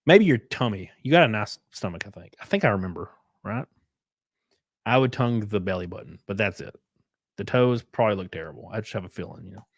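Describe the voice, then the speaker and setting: Crude joking streamer reading super chats. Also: male voice, on the low side, animated, fairly quick, husky, no room sound, clean studio sound. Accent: Southern American. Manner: swings from loud outbursts to muttered asides. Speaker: livestream host. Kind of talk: casual live stream chat.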